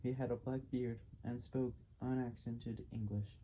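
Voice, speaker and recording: Guy reading a novel out loud, steady and even, faint hiss behind, kinda dull recording. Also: mid-range voice, unhurried. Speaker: audiobook narrator. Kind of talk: scripted narration.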